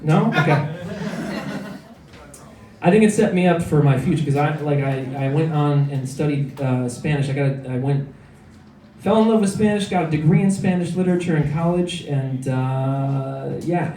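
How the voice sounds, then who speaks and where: A man's voice: fairly high pitch, moderate pace, dark tone, roomy sound. A man in his thirties from Illinois doing a rambling, self-deprecating stand-up set full of filler words, recorded from far off in a comedy club. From Illinois, USA. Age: 30s.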